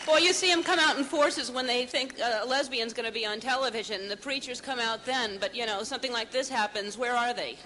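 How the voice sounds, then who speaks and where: A tearful woman giving an emotional speech at an outdoor vigil, halting and stammering through false starts at a podium microphone. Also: a little high, noisy background. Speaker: speaker at a public vigil. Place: outdoors on building steps at a vigil.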